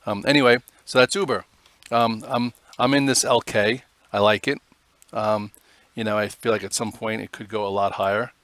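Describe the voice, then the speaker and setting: A man's voice: on the low side, fairly even intonation, normal speed, fairly bright tone, no room sound. Casual man talking through stock charts. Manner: casual, rambling, many "um"s. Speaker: stock trading host. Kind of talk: live market commentary.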